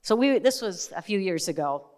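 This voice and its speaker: A middle-aged woman preaches her testimony in a chatty, candid storytelling way, full of asides. Her voice sits at an ordinary middle pitch for a woman. A long reverb from a large hall hangs behind every phrase. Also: expressive, normal speed, a little mellow. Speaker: Christian speaker and author. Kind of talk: testimony sermon to a live audience.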